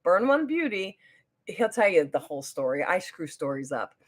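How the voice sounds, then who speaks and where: On a relaxed livestream from home, a beauty vlogger from New Jersey tells a story at normal speed. She wanders off topic, loses her thread, and shifts into high, excited voices whenever she quotes someone.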